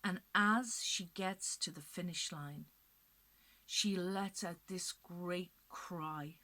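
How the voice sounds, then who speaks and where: A woman's voice: fairly low pitch, slow, pushed and bright. A woman storyteller narrating a legend expressively, building to dramatic peaks and dropping to whispers.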